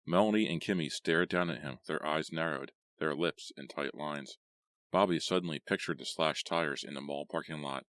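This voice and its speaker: A man reading a horror audiobook in a measured, steady way. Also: very deep voice, no echo. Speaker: audiobook narrator. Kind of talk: scripted horror audiobook narration.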